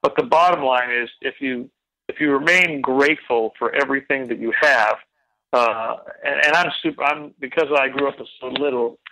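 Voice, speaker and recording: Male interview guest, bright and forceful tone, dry close mic, earnest and reflective. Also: mid-range voice, moderate pace, no echo, poor audio. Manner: earnest, reflective, repeats words as he starts sentences. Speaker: podcast guest, drummer. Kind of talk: casual interview chat.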